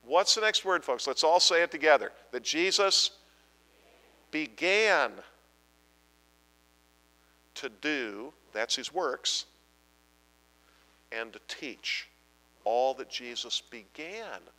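A man's voice: a little high, expressive, takes it slowly, pauses often, pushed and bright, in a large hall, low-quality recording. A man preaching a Bible-teaching sermon, emphatic and asking the congregation repeated questions.

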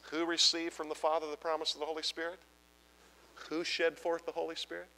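A man preaches a Bible-teaching sermon with a bright, forceful edge to his voice. He pushes each point hard and keeps asking the congregation to answer him. His voice rings through a large hall with a long tail of reverb. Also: on the high side, monotone, a little fast. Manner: emphatic, asks the audience repeated questions.

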